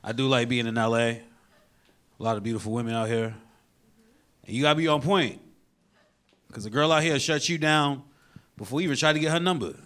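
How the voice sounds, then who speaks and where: A man in his thirties from New York, with a New York accent, doing an animated stand-up set and acting out the people he quotes. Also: medium pitch, a little fast, long pauses, clean tone. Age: 30s. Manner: animated, acts out quoted characters in loud bursts. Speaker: stand-up comedian. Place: comedy show with live audience. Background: audience laughter.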